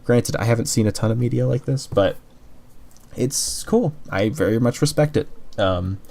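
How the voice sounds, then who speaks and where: A man's voice: medium pitch, animated, normal speed, vocal fry, warm tone. A man giving a casual, openly emotional anime review, rambling and full of "like" and restarts. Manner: rambling, heavy use of "like", frequent restarts.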